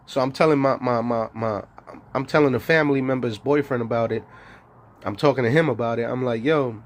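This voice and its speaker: A man's voice: mid-range voice, a little fast. A man giving a rambling, profane monologue as a streamer, bragging and laughing often between lines. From New York.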